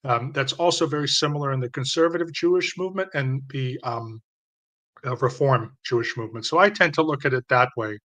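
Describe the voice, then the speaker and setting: Canadian male host, bright clear tone, loose live-stream lecture full of ums and restarts. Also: mid-range voice, a little fast. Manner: rambling and explanatory, with many fillers and restarts.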